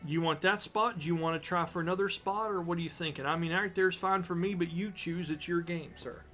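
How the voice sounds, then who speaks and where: Guy running a tabletop game, kinda high voice, slow drawn-out narration, faint music behind. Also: fairly even intonation, a bit bright. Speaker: game master.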